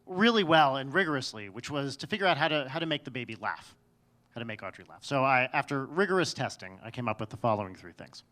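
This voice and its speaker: A man with a fairly high, bright, ringing voice tells a personal story to a live audience. He plays it for laughs, jumping from loud, excited bursts to low, murmured asides. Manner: comic, swings between loud bursts and quiet asides. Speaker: storyteller on stage. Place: stage before an audience.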